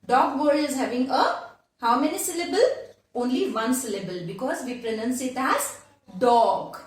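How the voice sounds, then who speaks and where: A woman teaching a grammar lesson to children, repeating each word slowly several times. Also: high-pitched, sing-song. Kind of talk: slow classroom lesson for children. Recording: very echoey room, voice from far off.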